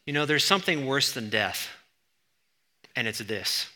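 A man's voice: medium pitch, animated, a little slow, sharp tone. A man preaching a sermon, teaching in a conversational way with sudden bursts of emphasis. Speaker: pastor.

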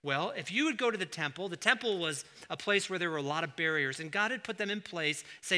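A male pastor preaching a sermon, asking rhetorical questions and swinging between hushed, slow emphasis and loud exclamations. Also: sits high, lively intonation. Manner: asks the congregation rhetorical questions.

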